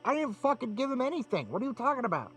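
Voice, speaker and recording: A foul-mouthed thug kidnapper, put on by a man running the game, yelling in exasperation. The voice sits high and jumps around wildly in pitch. He is short-tempered and swears at every turn. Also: sing-song, very fast, faint music behind, heavily acted. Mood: exasperated.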